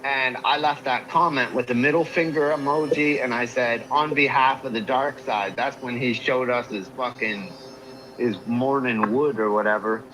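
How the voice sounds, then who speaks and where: A man's voice: mid-range voice, steady tone, normal speed, fairly bright tone, a little hiss or hum, rough recording. A man ranting casually on a livestream, swearing and griping about online rivals. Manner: ranting, profane, conversational.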